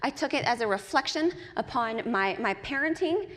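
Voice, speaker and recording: High, bright-voiced woman preaching. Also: moderate pace, in a large hall. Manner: animated, personal storytelling with laughs. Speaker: guest speaker at a church. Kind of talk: sermon. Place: church service.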